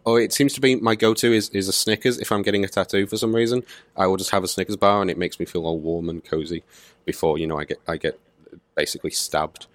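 Deep-voiced sarcastic young Englishman. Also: steady tone, fast talker, no room sound. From Manchester, England. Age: 20s. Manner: dry, sarcastic wit. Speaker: podcast guest. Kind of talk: casual interview chat.

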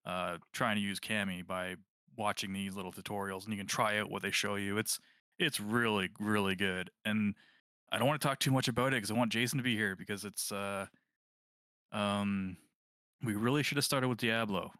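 A man co-hosting a podcast, chatting casually about video games in a rambling, relaxed way. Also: fairly low pitch, moderate pace, no room sound, studio quality. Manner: rambling, relaxed, lots of fillers and restarts. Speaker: podcast co-host.

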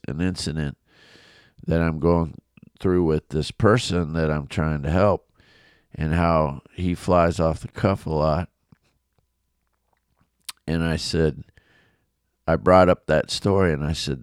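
A man's voice: extremely low pitch, a little slow, long pauses, clean tone, dry recording. A middle-aged man, a pastor with a big coach's voice, telling a personal story in a devotional podcast, earnest and confessional with many restarts, recorded in his home office studio.

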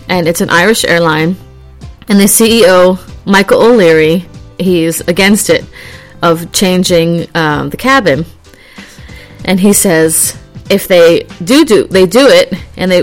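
Woman, casual vlog chat, rambling, laughs easily, faint music behind. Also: on the low side. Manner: chatty, rambling, laughs easily, animated when acting out scenes. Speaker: vlogger.

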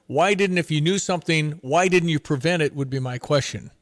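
A man with a fairly high voice hosts a casual morning radio show. He gives his opinions in a chatty way, tripping over his words and starting sentences again. The sound is dry and close to the mic. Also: fairly quick, dry recording. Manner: chatty, opinionated, stumbling restarts.

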